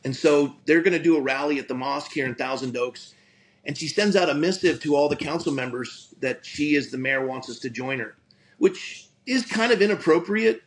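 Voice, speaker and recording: A middle-aged male pastor shares a personal story in an earnest, conversational way, often restarting sentences and stammering repeats. His voice is fairly high and moderately paced, and the recording is rough.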